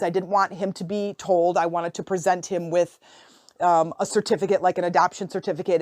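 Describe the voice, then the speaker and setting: A woman hosting a podcast, telling a personal story in a lively, expressive, conversational way, with sudden excited rises in her voice. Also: medium pitch, dry recording, clean studio sound. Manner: conversational with fillers and restarts. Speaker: podcast host and life coach.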